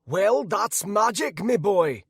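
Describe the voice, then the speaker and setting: A man's voice: sits high, lively intonation, takes it slowly, vocal fry, husky, no echo, clean studio sound, voice pushed up, exaggerated voice. A man voicing an older, absent-minded male wizard trainer who speaks affably and repeats himself fussily. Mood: affable. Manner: affable, fussy repetitions.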